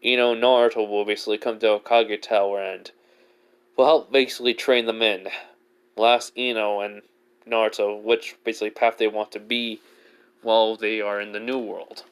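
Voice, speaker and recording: A man reading as a businesslike army commander in a fan story, the voice low and clear. The delivery stays plain and casual, dotted with fillers. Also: level tone, normal speed, close to an everyday voice. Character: male military commander, businesslike.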